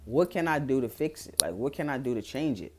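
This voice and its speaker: A man's voice: mid-range voice, animated, fairly quick, darkish tone. A young man from Philadelphia with a Philadelphia accent, giving frank, blunt advice in a casual vlog and swearing freely as he talks to his viewers. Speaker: vlogger.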